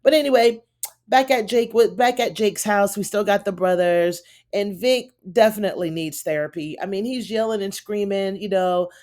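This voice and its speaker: A woman's voice: medium pitch, moderate pace, darkish tone. A woman giving a casual, chatty recap of a TV episode, retelling the scenes in her own words with plenty of fillers. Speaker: TV show reviewer.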